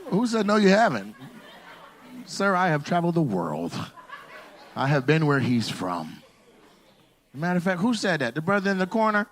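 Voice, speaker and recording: A male comedian doing crowd work on a club stage, teasing the audience and shouting out punchlines. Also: fairly high pitch, huge pitch swings, normal speed, pauses often. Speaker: stand-up comedian.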